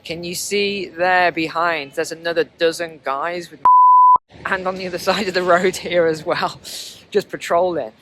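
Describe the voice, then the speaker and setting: A vlogger with a high-sitting, steady, unhurried male voice chats with his viewers while filming himself walking through snowy city streets. It's walking travel vlog commentary, and the audio is very noisy.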